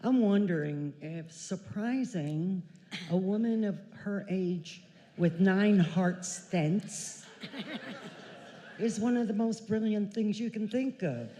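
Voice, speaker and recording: A wry husband gently ribs his wife, as a woman retells him in a raised, brighter voice. The dry, amused delivery rings through a large church hall with a long reverb tail. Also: high-pitched, slow, slight background noise, voice pushed up. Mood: teasing.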